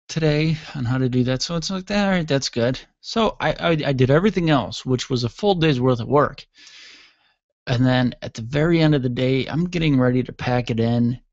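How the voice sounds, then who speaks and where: A gravelly, medium-pitched male voice belongs to a tired radio host who yawns while rambling through a self-mocking story. The casual monologue was recorded dry on a studio microphone, with a dull lo-fi sound.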